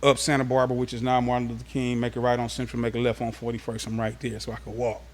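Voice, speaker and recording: A man from Los Angeles sits as an interview guest and tells stories of his youth in a relaxed, streetwise way. His voice sits at an ordinary middle pitch. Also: fast. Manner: animated, streetwise storytelling. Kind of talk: casual storytelling interview.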